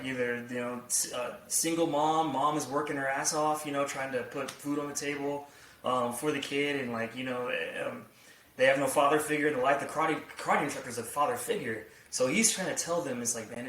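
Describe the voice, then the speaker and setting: A podcast co-host chats casually and rambles, packing his talk with "like" and swearing. His medium-pitched voice is brisk, fairly bright, and fairly even in intonation, recorded in an echoey room far from the mic.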